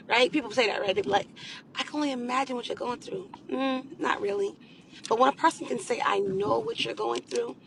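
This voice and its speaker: A woman's voice: on the high side, a little hiss or hum. A woman life coach giving an earnest, preacher-like motivational talk about faith, repeating phrases and calling her viewers y'all. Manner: drops to a soft, hushed voice when speaking to abuse survivors.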